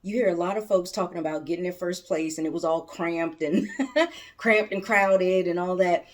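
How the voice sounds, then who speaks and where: A woman's voice: fairly low pitch, fairly even intonation, moderate pace. A middle-aged woman from Maryland, chatting casually to her viewers as a vlogger and business coach, laughing often and tossing in folksy asides. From Maryland, suburbs of Washington DC. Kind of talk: casual talk to camera.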